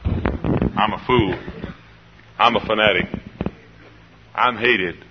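A man's voice: lowish voice, takes it slowly, long reverb tail, background noise. An older man preaching a sermon with fervor, often repeating his phrases. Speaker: pastor. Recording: dull lo-fi sermon recording.

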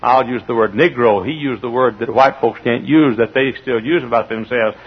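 A man preaching a sermon, telling stories with animation and building to shouts. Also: medium pitch, normal speed, slightly rough. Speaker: pastor. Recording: dull lo-fi archival sermon tape.

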